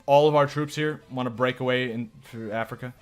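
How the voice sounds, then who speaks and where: A man's voice: mid-range voice, steady tone, fairly quick, clear, resonant tone, faint music behind. A man streaming live gameplay, commenting casually in a joking, profane, self-mocking way. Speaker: game streamer.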